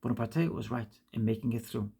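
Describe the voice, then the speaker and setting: A woman reading a classic essay aloud, with an emphatic delivery, often going back to fix misread words, in a gravelly, husky voice. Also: very deep voice, a little fast, warm tone. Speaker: reader.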